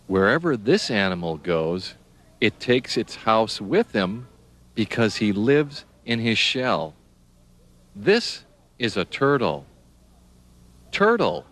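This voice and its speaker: A man's voice: fairly low pitch, a bit bright. A man teaching young children animal names, spelling words out letter by letter and asking the listener questions.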